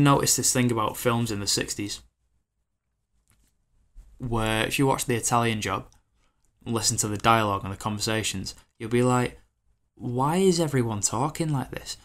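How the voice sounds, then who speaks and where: A man in his twenties hosting a podcast, rambling in an animated, casual way with lots of fillers and acted-out quotes. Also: medium pitch, normal speed. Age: 20s. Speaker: podcast host.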